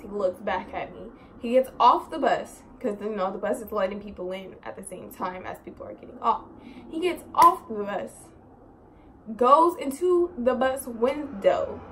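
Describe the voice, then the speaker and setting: A woman's voice: fairly high pitch, a little hiss or hum. A young woman vlogging a story in a casual, rambling way, filling her talk with "like" and "so" and swearing in exasperation. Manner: rambling, animated, heavy use of "like" and "so".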